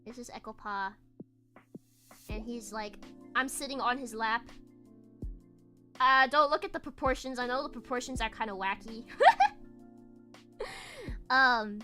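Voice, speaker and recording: A woman's voice: a little high, measured pace, long pauses, bright, forceful tone, soft background music. A young woman streamer telling a casual story while drawing, giggling often and restarting her phrases. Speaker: virtual streamer.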